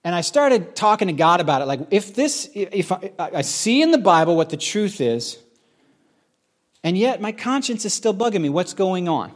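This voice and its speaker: Man, middle-aged pastor, sermon testimony, candid and conversational, slightly high voice, frequent restarts. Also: big pitch swings, moderate pace. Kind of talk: sermon-style personal testimony.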